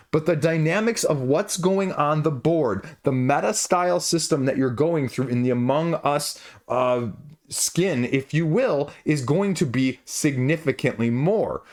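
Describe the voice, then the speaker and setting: A man's voice: a little high, expressive, measured pace. A man reviewing a board game in a conversational way, asking rhetorical questions and making asides as he goes. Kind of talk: casual spoken review.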